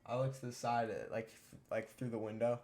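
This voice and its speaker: A man's voice: mid-range voice, fairly even intonation, a little fast, darkish tone. A teenage boy streamer telling a story casually, profane and rambling with lots of fillers. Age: teens.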